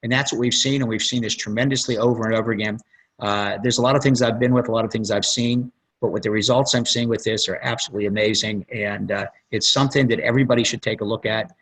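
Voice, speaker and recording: Husky-voiced guy on a call, rambling stories, doing other people's lines. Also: on the low side, steady tone, quick pace, fairly bright tone, rough recording. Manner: rambling storyteller, acts out quotes. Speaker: plastic surgeon guest. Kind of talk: conference call testimonial.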